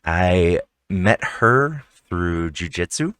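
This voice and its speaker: A man's voice: low voice, lively intonation, extremely slow, fairly bright tone, clear, resonant tone, no echo. A man hosting an interview podcast, upbeat and casual, chuckling now and then. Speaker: podcast host.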